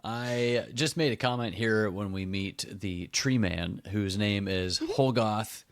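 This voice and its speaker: A man co-hosts a casual book chat, relaxed and enthusiastic, with a lot of "like" filling his sentences. His voice is very low. The recording is dry and close. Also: slow pace, dry recording. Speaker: podcast co-host.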